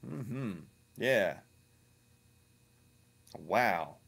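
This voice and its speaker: A man's voice: lowish voice, lively intonation, drawn-out words, vocal fry, a bit bright, breathy edge. A man giving ranting reaction commentary, crude, profane and mocking, often repeating himself. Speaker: online video commentator.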